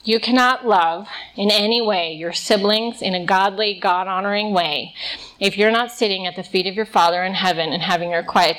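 A young woman speaks to a room of girls in a relaxed, chatty way, mixing scripture with stories from her teens. Her voice sits at an ordinary middle pitch, and she often says "like" as she goes. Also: low-quality recording. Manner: casual, storytelling, many "like" fillers. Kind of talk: conversational faith talk with personal stories.

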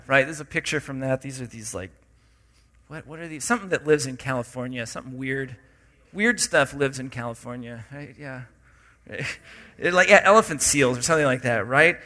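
A middle-aged man giving a conversational, animated sermon, joking with his audience between scripture readings. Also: fairly high pitch. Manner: conversational and animated, with jokes and asides. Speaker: pastor.

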